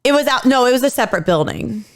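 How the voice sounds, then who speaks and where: A woman in her thirties recounts a true-crime story on a podcast, chatty and loose with fillers and the odd swear word. Her voice comes through smooth and clear. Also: a little high, lively intonation, fast talker. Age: 30s. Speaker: podcast co-host.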